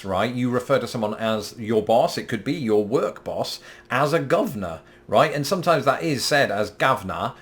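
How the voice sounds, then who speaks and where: A man with a British accent, hosting a scripted explainer vlog from his apartment in a playful, self-mocking way. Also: lowish voice. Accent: British English. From Britain. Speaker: YouTube host.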